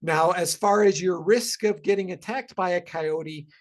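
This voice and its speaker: A man's voice: high voice, measured pace. A man giving a casual educational webinar talk about wildlife, conversational and full of ums and restarts.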